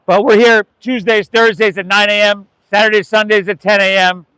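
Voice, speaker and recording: Man, American accent, yoga instructor, relaxed, encouraging, high voice, dry close sound. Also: moderate pace, clear, resonant tone, no room sound, rough recording. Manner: relaxed, encouraging, calls students "y'all". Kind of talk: live guided yoga class. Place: oceanfront outdoor yoga class.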